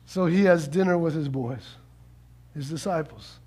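A male pastor preaching a sermon, animated, repeating words for emphasis and acting out quotes, swinging from quiet slow lines to loud shouts. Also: on the high side, breathy edge.

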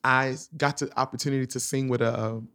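A man recounts a personal story in casual conversation. His voice sits at an ordinary middle pitch. He acts out the quoted dialogue with lively energy. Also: a little fast, clean tone. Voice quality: animated, acts out quoted lines, laughs often. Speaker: guest telling his story.

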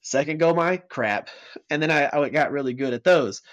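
A man's voice: on the high side, normal speed, a bit bright. A man with a Southern US accent, a guest knife maker in casual chat, chatty and self-deprecating.

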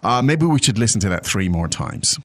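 Animated man teaching a language. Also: lowish voice, brisk. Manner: animated, acts out dialogue lines. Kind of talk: casual language lesson chat.

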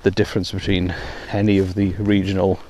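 Male podcaster, low-pitched, chatty and rambling, recorded outdoors on a hands-free headset with faint background noise. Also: monotone, a little fast, a little mellow. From Wales. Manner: rambling, self-deprecating, many ums. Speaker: podcast host. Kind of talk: casual monologue while walking. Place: outdoors in heavy rain. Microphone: hands-free phone headset.

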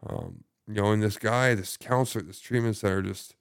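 A man's voice: fairly low pitch, fairly even intonation, moderate pace, clean tone. A young man, a podcast guest, telling his recovery story in casual talk, rambling with many fillers and heavy swearing.

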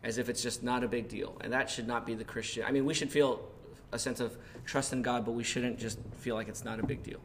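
A young adult male pastor preaching a conversational sermon, with lots of fillers and lively retelling. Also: medium pitch, brisk, hardly any pauses, slight background noise. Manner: conversational, animated when retelling, many fillers. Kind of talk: sermon with personal story.

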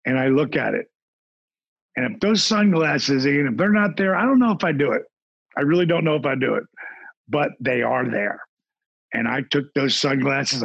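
A man telling animated stories as a podcast guest, acting out the voices of the people in them. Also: medium pitch, vocal fry, slightly rough, dry recording, lo-fi sound. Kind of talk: casual storytelling.

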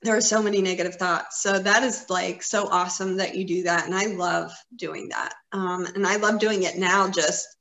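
A woman's voice: lowish voice, steady tone, normal speed, few pauses, a bit bright. Fifties woman, earnest chatty podcast co-host, encouraging; echoey room. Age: 50s. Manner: earnest, encouraging, rambling with fillers. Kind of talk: casual conversation. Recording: roomy echo.

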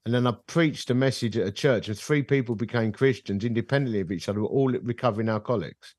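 The speaker is a middle-aged ministry leader on a podcast, set in a bar, who tells a personal story conversationally and animatedly plays out the dialogue. He talks at a quick pace in a mid-range voice. The studio sound is clean with no echo.

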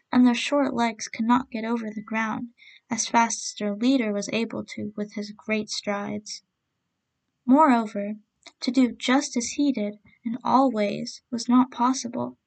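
Gravelly-voiced woman reading a story. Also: a little high. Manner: gentle, measured reading aloud. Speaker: storyteller host. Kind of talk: scripted storybook narration.

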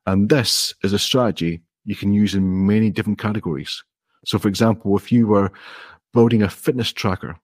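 A man's voice: lowish voice, breathy edge, no room sound, studio quality. A man, an indie app developer, explaining his approach step by step in a friendly, modest way during a casual interview.

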